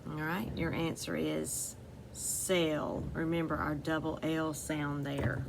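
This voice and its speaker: A woman's voice: low voice, level tone, slow pace, gravelly, noisy background. A woman teaching a phonics lesson to children, patiently repeating each word and giving step-by-step instructions.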